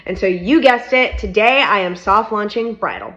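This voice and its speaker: A woman's voice: medium pitch, animated, normal speed, a bit bright. A young woman telling a candid, casual story to camera about being fired and starting her own company. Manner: candid, frank, upbeat. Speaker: startup founder. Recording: slightly dull lo-fi audio.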